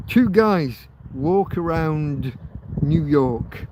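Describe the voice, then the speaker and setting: A man's voice: fairly high pitch, background noise. A man hosting a livestream, chatting in a rambling way with many fillers and restarts. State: laughing through tears. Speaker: livestream host. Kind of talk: rambling casual chat.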